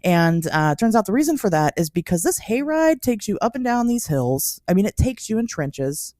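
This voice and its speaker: A woman in her thirties hosting a podcast, telling stories in a casual, animated way with frequent laughs and many "like" fillers. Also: mid-range voice, normal speed, no echo, studio quality. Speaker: podcast host. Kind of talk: casual storytelling chat.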